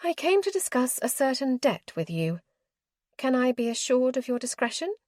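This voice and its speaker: A woman's voice: high voice, very animated, normal speed, a little mellow, no echo, studio quality, voice pushed up. A woman voicing a proud, well-bred young lady who is nervous but insistent, speaking in a prim, formal way. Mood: sharp, determined.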